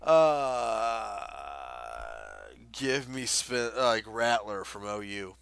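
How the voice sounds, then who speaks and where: A young man co-hosting a casual sports podcast, excitable and rambling, with lots of fillers. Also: medium pitch, extremely slow, vocal fry, clean tone, no room sound. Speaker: podcast co-host.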